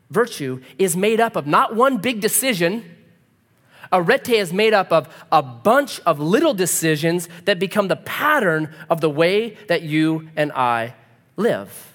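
A man's voice: a little high, long reverb tail. A man preaching a sermon as a pastor, telling stories vividly and acting out the voices in them. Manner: animated storytelling, acts out quoted voices.

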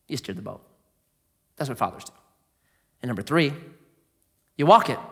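A man preaching a sermon in a conversational way, asking rhetorical questions and swinging from loud emphasis to quiet asides. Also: expressive, moderate pace, long pauses, breathy edge. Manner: swings between booming emphasis and hushed, low asides. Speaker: pastor.

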